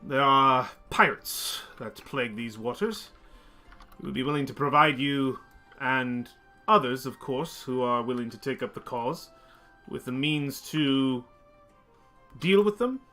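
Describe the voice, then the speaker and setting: A man's voice: mid-range voice, a little slow, sharp tone, soft background music. A man voicing a brusque male harbor master official who barks orders, with a thick local accent. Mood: businesslike. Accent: thick local port accent.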